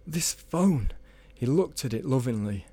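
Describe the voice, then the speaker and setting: A man voicing an excitable, obsessive male football fan. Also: medium pitch, unhurried, husky. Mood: wondering. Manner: shouty, wound-up.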